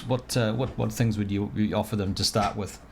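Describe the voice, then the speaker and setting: A man hosting a casual interview, halting and repeating words as he forms his questions. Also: lowish voice, steady tone, slight background noise. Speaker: interviewer and host.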